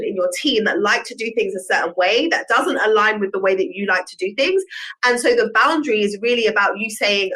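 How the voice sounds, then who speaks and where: Woman in her 30s hosting a solo podcast, bright clear voice, earnest and reflective. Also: on the high side, rough recording. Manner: earnest, reflective, gives personal examples. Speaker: podcast host.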